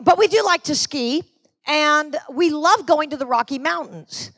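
A woman's voice: high-pitched, animated, a little slow, a bit bright, no echo. A middle-aged woman from Florida preaching a sermon to her church with energy, calling out to the congregation. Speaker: pastor.

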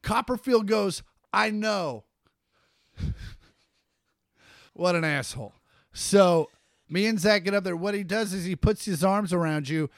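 A man chatting on a podcast, sitting a little higher in pitch than most men. He tells loose, mocking stories and swears freely. The sound is dry and close to the mic. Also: a little slow, long pauses, dry recording. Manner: laid-back storytelling, swearing, mocking. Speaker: podcast co-host. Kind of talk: casual chat.

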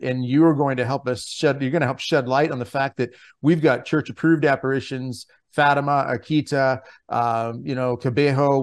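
A man hosting a podcast who talks in an earnest, enthusiastic way with many restarts. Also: medium pitch. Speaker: podcast host.

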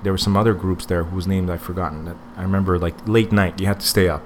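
Male host, very low voice, loose rambling storyteller, faint background hiss. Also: little pitch movement, quick pace, darkish tone. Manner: rambling, swears and laughs while telling stories. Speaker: podcast host. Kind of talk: casual chat.

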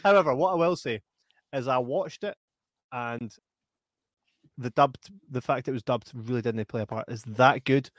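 A man's voice: medium pitch, moderate pace, pauses often, dry recording. Guy cohosting a stream, chatty, laughs lots, dry sound. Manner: lively, laughs often, reads out comments. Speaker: co-host of a live stream. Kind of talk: casual chat.

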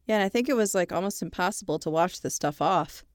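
Woman, fairly low voice, podcast co-host, reading a true story, steady delivery, dry close sound. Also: quick pace, dry recording. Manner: steady storytelling read, chatty asides.

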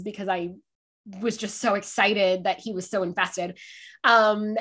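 A woman guest who performs in drag, chatting casually in an interview with lively, swearing storytelling. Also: mid-range voice, normal speed. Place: sitting by a window, on a video call.

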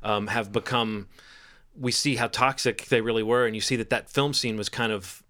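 Man, podcast co-host, bright clear tone, rambling casual film talk. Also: fairly low pitch, steady tone, normal speed. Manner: rambling, thinks aloud with restarts.

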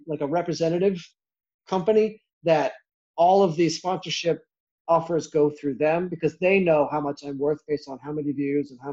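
A young man with a fairly high voice chats casually as an interview guest, rambling quickly with many fillers. The sound is a little dull and lo-fi. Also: darkish tone. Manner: quick, chatty, lots of "like" fillers. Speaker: YouTuber guest.

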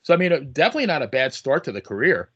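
A man's voice: a little high, big pitch swings, very fast, a bit bright, slightly rough, lo-fi sound. A man hosting a casual interview, restarting sentences and repeating words as he sums up the guest's career. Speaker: podcast host.

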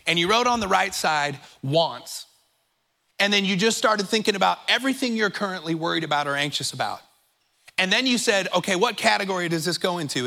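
A man's voice: high voice, creaky, sharp tone. A man preaching a sermon to his church in a conversational, emphatic way, a little out of breath from pacing the stage. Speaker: pastor. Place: church sanctuary.

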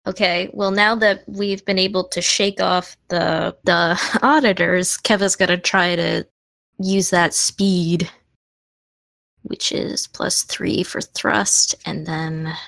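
A woman playing a tabletop role-playing game, working through her turn out loud with hesitant pauses. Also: lowish voice, steady tone, vocal fry, no room sound. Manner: thinking aloud, hesitant. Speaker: player. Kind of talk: tabletop game play, casual.

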